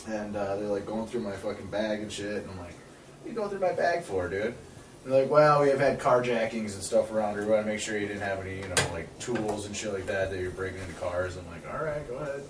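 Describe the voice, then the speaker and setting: Man, 30s, fast and profane podcast host, recorded far off in a roomy space with faint noise. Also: fairly low pitch. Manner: profane, rambling storyteller, acts out quotes loudly. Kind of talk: casual storytelling chat. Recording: echoey room, voice far from mic, faint background noise.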